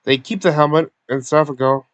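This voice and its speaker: A man's voice: fairly high pitch, brisk, dry recording, lo-fi sound. A man casually recapping a tabletop game session, stumbling over words with many fillers and restarts. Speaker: recap narrator.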